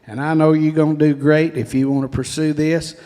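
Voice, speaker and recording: A man's voice: a little high, little pitch movement, a little fast, warm tone, smooth. Proud older grandfather in a hall. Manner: proud, affectionate. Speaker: grandfather of the graduates. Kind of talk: proud family speech. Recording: long hall reverb.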